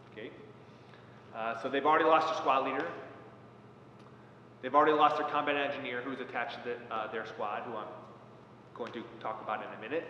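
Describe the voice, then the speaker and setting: A former Marine officer speaks in a measured, reflective way, pausing often and filling gaps with "uh" and "um." His voice is bright and carries in a long-echoing hall. The recording is dull and lo-fi. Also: medium pitch, a little hiss or hum. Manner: measured, pausing with many fillers. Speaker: former Marine platoon commander. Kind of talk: reflective talk. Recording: echoey hall, dull lo-fi sound.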